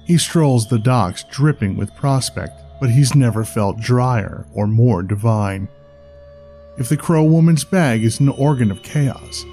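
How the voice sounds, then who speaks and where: Man narrating a dark tale, mellow tone. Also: medium pitch.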